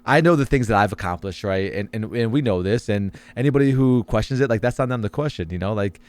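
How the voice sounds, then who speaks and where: A young man guesting on a podcast, talking rapidly in casual chat and dropping into a mock-serious low voice for jokes. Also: no echo. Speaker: streamer guest.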